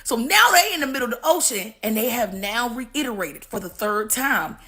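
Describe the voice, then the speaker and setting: High, bright-voiced profane woman streamer. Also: normal speed, hardly any pauses. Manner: profane, animated storytelling. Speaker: live stream host. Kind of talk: casual live-stream commentary.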